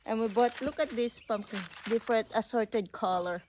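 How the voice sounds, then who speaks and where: Woman, somewhat high voice, chatty vlog talk, calls viewers guys. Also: moderate pace, darkish tone, slight background noise. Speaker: vlogger. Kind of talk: casual garden vlog.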